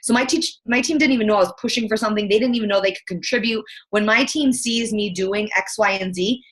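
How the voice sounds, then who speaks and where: Brief: woman coach, casual chat, blunt and quick, filler-heavy, mid-pitch. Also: a bit bright. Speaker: team coach and guest.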